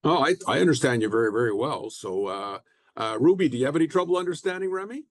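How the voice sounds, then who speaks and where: A man's voice: medium pitch, lively intonation, quick pace, no echo. A man hosting an interview, asking friendly questions that sometimes stumble. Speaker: podcast host.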